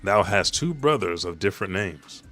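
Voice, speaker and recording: A man voicing an ancient male ruler who speaks in archaic, slow and menacing phrases. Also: low voice, expressive, a bit bright, faint music behind.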